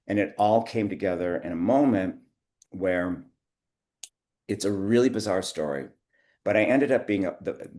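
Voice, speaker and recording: A man's voice: deep voice, darkish tone. A middle-aged man telling long, rambling anecdotes in an interview, acting out the dialogue and breaking off to laugh. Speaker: guest, theater producer. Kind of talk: conversational interview storytelling.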